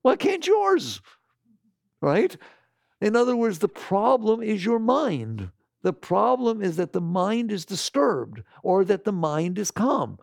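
Animated, gravelly man lecturing with questions. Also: high-pitched, slow, no echo, clean studio sound. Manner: rhetorical, keeps asking the audience questions; animated, slips into mocking quoted voices. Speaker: spiritual teacher. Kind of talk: lecture to a live audience.

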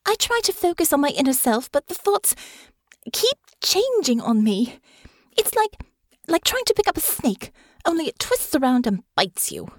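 A woman voicing a stubborn, frustrated young noblewoman who sounds high and indignant. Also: big pitch swings, normal speed, no echo, clean studio sound.

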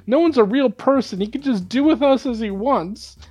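A man voicing a terrified blinded male prisoner who stammers and breaks into high, pleading cries. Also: slow pace, husky. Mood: anguished.

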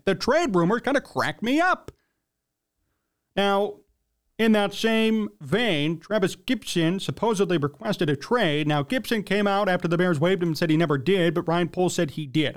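Male sports-show host, fairly high pitched; blunt, emphatic opinion monologue. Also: animated, moderate pace. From United States.

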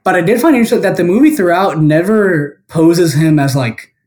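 Over a phone or remote call, a guest caller chats casually about a film, rambling and using lots of fillers. His voice sits high with a darkish tone, expressive and a little fast.

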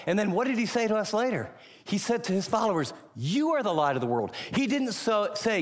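A man preaching a sermon as pastor, emphatic and pausing on key words. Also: high-pitched, very animated, long reverb tail.

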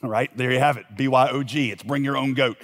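A man preaching a sermon as pastor, telling a Bible story with joking asides and quick comic voices. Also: mid-range voice, steady tone, fairly bright tone, big-room sound. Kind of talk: humorous sermon teaching.

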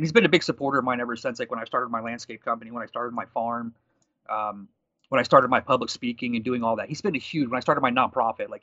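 A man in his thirties telling a story from his working life in a quick, animated conversational way, quoting people as he goes. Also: medium pitch, no room sound, muffled recording. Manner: fast, animated storytelling with quoted dialogue. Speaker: guest.

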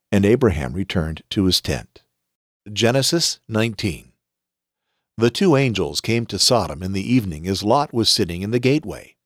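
A man hosting a podcast, reading scripture aloud in a measured, expressive way. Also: on the low side, no echo, studio quality.

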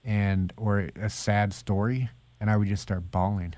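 A man with a low, mellow voice speaks as a guest author. He tells personal stories earnestly and slips into the voices of people he quotes. The sound is close and dry. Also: steady tone, measured pace, no echo. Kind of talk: conversational interview.

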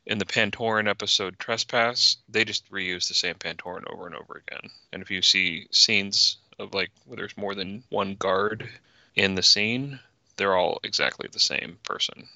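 A man with a very low, gravelly voice chats casually on a podcast, walking through behind-the-scenes details with lots of fillers. His tone is bright and forceful, and the recording is dry and a little dull and lo-fi. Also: normal speed, no room sound. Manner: explains production details with many fillers. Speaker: podcast co-host.

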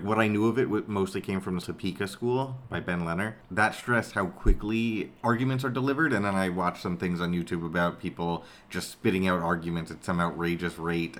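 A man with a very deep voice co-hosts a casual book podcast. He is curious and keeps asking questions, with a faint hiss behind him. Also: fairly bright tone. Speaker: podcast co-host.

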